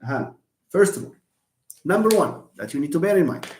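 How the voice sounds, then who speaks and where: A teacher giving a live online English lecture. They speak patiently and chattily, laugh easily, answer students by name, and draw words out slowly to count syllables. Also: medium pitch, animated, darkish tone, roomy sound, slight background noise.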